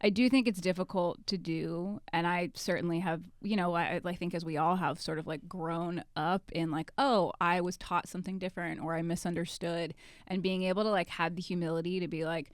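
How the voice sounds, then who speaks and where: A woman's voice: fairly low pitch, steady tone, fairly quick, few pauses, no room sound, clean studio sound. A woman co-hosting a podcast, talking casually and hesitantly with many fillers. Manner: hesitant, filler-heavy, with restarts. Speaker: podcast co-host. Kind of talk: casual discussion.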